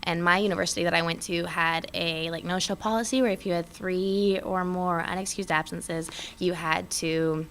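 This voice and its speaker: A young woman in casual interview chat, talking fast and loose with many fillers. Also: on the low side. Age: young adult. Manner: chatty, many fillers, animated when quoting others. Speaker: guest, airman.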